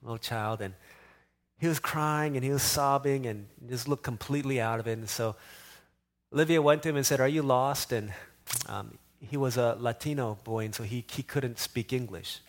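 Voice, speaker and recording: A middle-aged man preaching a sermon as pastor, moving between animated, louder exhortation and quiet, softer storytelling. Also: mid-range voice, moderate pace.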